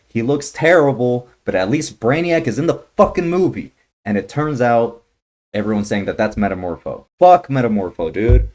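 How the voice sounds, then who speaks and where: Profane, ranting man with a lowish voice. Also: a little mellow. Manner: profane, heated, blunt. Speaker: YouTuber reacting to a movie trailer. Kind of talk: ranting trailer reaction.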